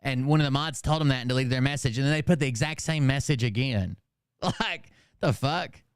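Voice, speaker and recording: A man's voice: medium pitch, brisk, smooth, no room sound, studio quality. A man hosting his channel, ranting casually with lots of swearing and rambling restarts. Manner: profane, rambling, exasperated. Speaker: channel host. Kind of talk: casual livestream rant.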